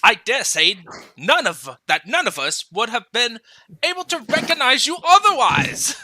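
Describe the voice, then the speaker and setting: A man voicing a loud, eccentric mad old duke in a put-on Scottish accent, reading a fanfic aloud with friends. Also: sits high, sing-song, moderate pace, no echo, voice pushed down, full character voice. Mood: boisterous. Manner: attempted Scottish accent, boisterous.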